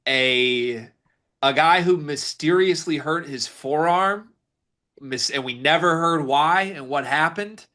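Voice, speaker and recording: A man co-hosting a sports podcast, giving emphatic, rapid-fire scouting takes in casual banter. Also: medium pitch, pushed and bright. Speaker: podcast co-host.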